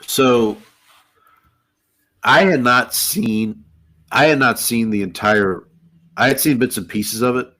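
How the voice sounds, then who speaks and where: A man's voice: on the low side, a bit bright. A middle-aged man co-hosting a podcast, with an easygoing, dry way of talking. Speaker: podcast co-host. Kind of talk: casual chat.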